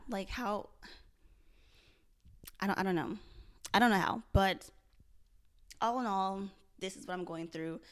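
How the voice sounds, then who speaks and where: Earnest young woman in a confessional vlog. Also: fairly low pitch. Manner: earnest, self-searching, repeats and restarts phrases. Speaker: vlogger.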